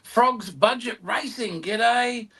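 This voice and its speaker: Slow, high-voiced Australian man reading chat. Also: over a noisy crowd. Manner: reads out chat names, self-mocking. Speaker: co-host. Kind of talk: casual live-stream chat.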